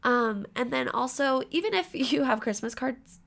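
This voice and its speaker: A bubbly woman chatting as a podcast guest. She has a slightly higher voice with a gravelly, fried texture. She talks in quick, giggly bursts. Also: lively intonation, fairly bright tone. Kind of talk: casual podcast chat.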